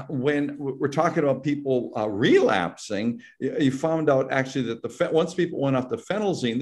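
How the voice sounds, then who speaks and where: A man's voice: mid-range voice, darkish tone. A man who is a psychology professor, giving an explanatory academic talk over a video call, with frequent restarts and repeated words. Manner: explanatory, acts out patients' worried voices, many restarts.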